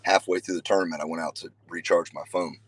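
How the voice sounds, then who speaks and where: A low-voiced man tells stories in a casual, earnest way, filling gaps with conversational words. He breaks into sudden emphatic loud bursts. The sound is dry, with no room echo. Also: steady tone, quick pace. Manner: conversational, with frequent fillers. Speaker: father and youth wrestling coach. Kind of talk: casual talk to a group.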